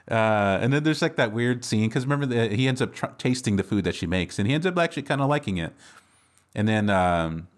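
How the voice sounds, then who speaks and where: A man co-hosting a podcast, casually retelling a film's plot with lots of fillers and quick acted-out lines. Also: mid-range voice, expressive. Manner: rambling recap with many fillers and laughs. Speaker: podcast co-host. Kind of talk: casual movie recap chat.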